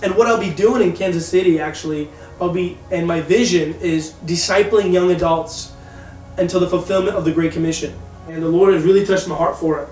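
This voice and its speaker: Young male missionary in his 20s, earnest testimony, slightly high voice, distant mic. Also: steady tone, a little fast, darkish tone. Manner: earnest, heartfelt storytelling. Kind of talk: personal testimony and support appeal. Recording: roomy echo, voice away from the mic, faint music. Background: faint music.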